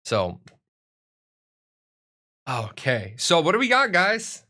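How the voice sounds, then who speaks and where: Young male streamer, bright and forceful tone, rambling self-joking chat at a desk mic. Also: fairly high pitch, huge pitch swings, slow pace, a little hiss or hum. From United States. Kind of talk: casual live-stream chat.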